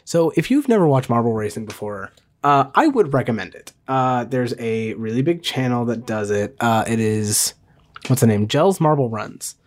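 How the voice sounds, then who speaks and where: A man hosting a casual solo podcast, rambling with many fillers and restarts, self-deprecating and talking fast. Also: medium pitch, lively intonation. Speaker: podcast host.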